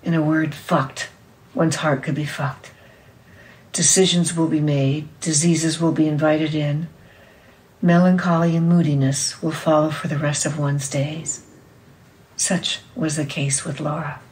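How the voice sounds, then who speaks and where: A woman reading a literary novel aloud in a measured storytelling manner. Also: sits low, level tone, a little mellow, distant mic, low-quality recording. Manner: measured storytelling, voicing characters' lines. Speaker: reader.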